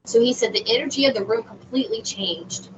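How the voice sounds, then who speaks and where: A woman guest on a radio show, telling a personal story in an animated, halting way with many fillers. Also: fairly high pitch. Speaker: guest medium. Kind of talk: casual storytelling in a radio interview. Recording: distant, dull lo-fi sound with faint noise.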